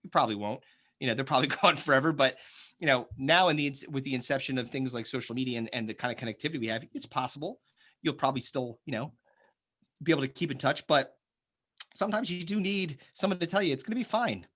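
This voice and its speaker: A man's voice: medium pitch, quick pace, sharp tone. A man in his thirties hosting a casual podcast chat, rambling and profane, joking and slipping into silly voices. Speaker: podcast host.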